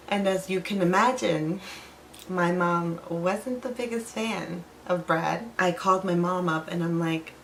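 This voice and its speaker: A young adult woman vlogger telling a personal story in a casual, animated way, acting out what people said. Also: fairly low pitch, moderate pace, vocal fry, slight background noise, poor audio. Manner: animated, acts out quotes. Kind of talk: storytime vlog.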